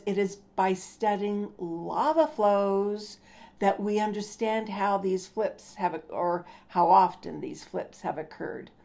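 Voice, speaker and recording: An older woman hosting a casual science talk, unhurried and stumbling over hard names. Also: medium pitch, mellow. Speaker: host.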